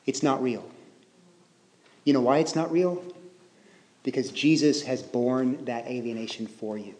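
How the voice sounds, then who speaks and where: A man's voice: medium pitch, a little mellow. Guy preaching a sermon, chatty, keeps asking the crowd questions, big echoey church sound. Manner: conversational, asks the listeners questions. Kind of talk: expository sermon. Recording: reverberant hall.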